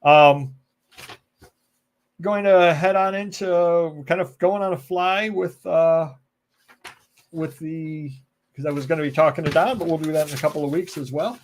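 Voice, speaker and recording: American male host, slightly high voice, casual rambling live-stream banter with jokes and viewer comments. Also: unhurried, long pauses, slight background noise. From United States. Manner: rambling, joking, goes off on tangents; reads out and answers viewer comments.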